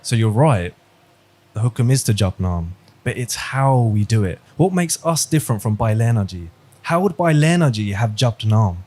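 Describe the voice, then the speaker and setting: A man's voice: on the low side, lively intonation, moderate pace, darkish tone. A man teaching a religious class over a video call, chatty and quizzing his students, with stories along the way. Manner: conversational, quizzing students, storytelling. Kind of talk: online class lesson.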